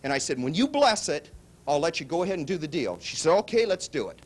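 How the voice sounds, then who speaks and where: Male seminar pitchman, high voice that swoops all over, acts out every exchange in his stories. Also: fast talker. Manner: animated storytelling, acts out both sides of dialogue. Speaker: seminar speaker. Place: seminar hall before a live audience.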